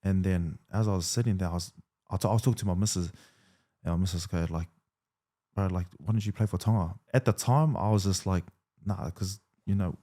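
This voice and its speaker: A man in his thirties, a rugby league player, telling his story in a relaxed interview, full of fillers and quoted dialogue. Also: sits low, fairly quick.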